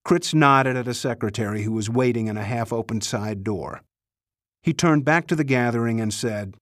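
Measured male audiobook narrator, dry. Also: mid-range voice, no echo. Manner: measured, dry storytelling with lightly voiced characters. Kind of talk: scripted narration.

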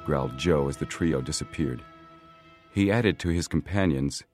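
A man narrating a boys' adventure book in a measured, steady reading. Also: a bass voice, soft background music. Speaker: audiobook narrator. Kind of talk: scripted narration.

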